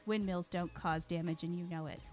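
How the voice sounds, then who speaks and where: A woman reading a story aloud as its storyteller, giving the characters lively voices and often clearing her throat. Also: fairly low pitch, normal speed, faint music behind.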